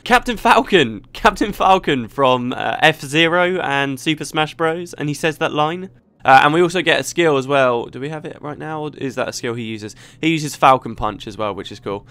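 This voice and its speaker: A man's voice: fairly high pitch, normal speed, few pauses, fairly bright tone, smooth, no echo. A man talking casually as he plays through a video game, rambling and chatty. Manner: chatty and rambling, with frequent restarts. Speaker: let's play host. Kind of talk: casual gameplay commentary.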